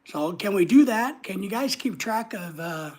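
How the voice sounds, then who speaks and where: A man's voice: high-pitched, expressive, moderate pace, darkish tone. A man with a neutral American accent hosts a casual livestream, rambling as he reads viewer comments aloud and answers them. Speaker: livestream host.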